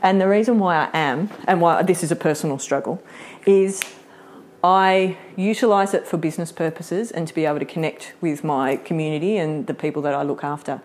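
A chatty, middle-aged woman teaches a live workshop in a fairly low voice. She laughs easily and slips into acted-out quotes as she explains. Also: a little fast, darkish tone, a little hiss or hum. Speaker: workshop presenter.

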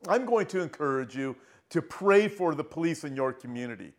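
Earnest preaching man, a bit high. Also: animated. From Southern California. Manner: earnest, emphatic, slows down and rises when reading scripture. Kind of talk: online prophecy sermon.

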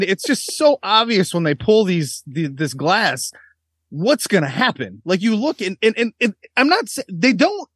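A man with a slightly high voice co-hosts a podcast, trading crude stories in casual, animated chat punctuated by frequent laughter. The sound is clean studio audio without echo.

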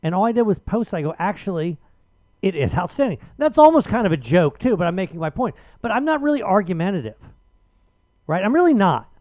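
Man, high voice, swooping lively pitch, chatty radio host, animated and argumentative. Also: fast, dry recording. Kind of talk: casual chat.

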